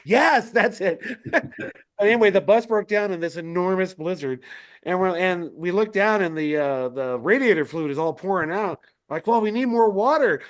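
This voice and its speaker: Man, animated raconteur on a video call, somewhat high voice, laughs a lot. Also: moderate pace. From Denver area. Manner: animated, laughing often, swears freely. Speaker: musician guest. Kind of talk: casual storytelling chat.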